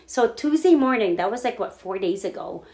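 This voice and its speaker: Animated, swearing woman telling a story. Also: a little high, fairly quick. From lives in Hawaii. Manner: animated storyteller, swears freely, acts out her own panic. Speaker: podcast co-host. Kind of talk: casual chat.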